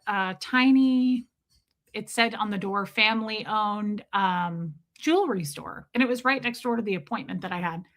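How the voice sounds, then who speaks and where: A woman hosting a livestream, telling a story in a chatty, animated way while greeting her chat. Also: on the high side. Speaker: livestream host.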